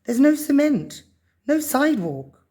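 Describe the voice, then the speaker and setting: A woman's voice: high voice, big pitch swings, unhurried, dark tone, pitched above the performer's own voice. A woman voicing a small, scared little boy who keeps asking anxious, whiny questions, in a storybook reading. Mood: worried.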